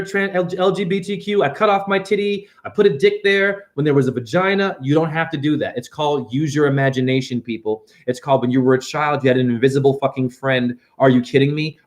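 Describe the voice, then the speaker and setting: A middle-aged man giving a fast, profane, rambling spiritual monologue that swings between loud and soft. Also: mid-range voice. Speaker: self-styled spiritual teacher.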